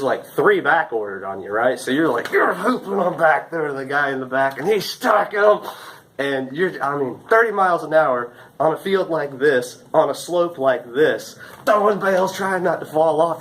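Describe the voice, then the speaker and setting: A man's voice: a little high, rough recording. A young man from the Carolinas, casually and animatedly telling a story about his days as a farm intern. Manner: animated, acts out shouts and gestures.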